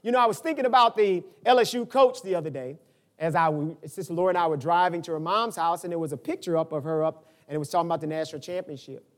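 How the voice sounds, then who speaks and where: An older man preaching a sermon, dropping into quiet asides and rising to emphatic peaks. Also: fast. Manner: animated preaching, swinging from low asides to high emphatic peaks. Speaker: pastor.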